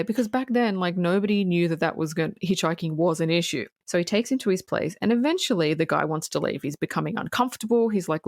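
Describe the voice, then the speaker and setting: A woman's voice: lowish voice, quick pace, hardly any pauses, no echo, clean studio sound. A woman co-hosting a podcast, recapping a series in a chatty, blunt way with free swearing. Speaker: podcast co-host. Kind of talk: casual true-crime recap.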